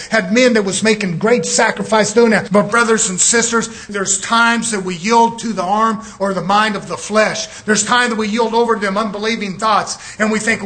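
A man preaching a fiery sermon, shouting and driving his points home with rising intensity. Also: high-pitched.

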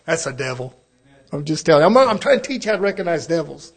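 A male preacher, delivering a church sermon in a folksy, emphatic way, chuckling and dropping to a low hush. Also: sing-song, fast talker.

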